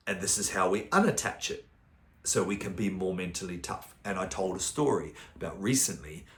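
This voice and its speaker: A man gives a motivational talk as a mental performance coach. His voice sits fairly low. He tells casual stories, drops the odd swear word, and the room around him echoes. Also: animated, normal speed, a bit bright. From New Zealand. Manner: casual storytelling, occasional swearing.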